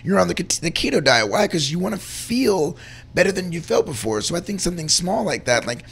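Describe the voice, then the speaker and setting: A man's voice: high-pitched, big pitch swings, a little fast, vocal fry, fairly bright tone, husky. A man co-hosting a casual chat, talking earnestly and rambling about faith and feeling good. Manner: earnest, rambling, acts out little voices in stories. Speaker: co-host.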